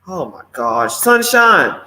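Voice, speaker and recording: Outspoken high-voiced man hosting a live show. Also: very animated, slow pace, pushed and bright. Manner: exclamatory, outspoken, talks straight to viewers. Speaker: morning show host. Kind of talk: live commentary, reading viewer comments. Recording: roomy echo.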